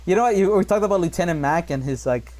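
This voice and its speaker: A man's voice: high voice, lively intonation, quick pace, darkish tone, low-quality recording. A man hosting a casual podcast, swearing freely and laughing often. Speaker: podcast host. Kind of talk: casual chat.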